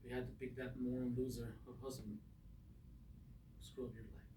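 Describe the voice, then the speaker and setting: A man in an acting class playing an angry, heartbroken father confronting his estranged daughter, speaking in halting, restrained lines. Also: mid-range voice, flat delivery, warm tone, a little hiss or hum, natural voice. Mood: bitter, subdued. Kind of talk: acting class scene work. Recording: roomy echo, distant mic.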